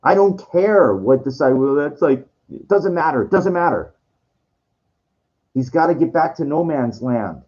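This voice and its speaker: This male streamer sits on the higher side and sounds expressive and unhurried, with a darkish tone captured on a muffled recording. His talk wanders, restarts often and includes swearing. At times he quotes other people by performing their voices.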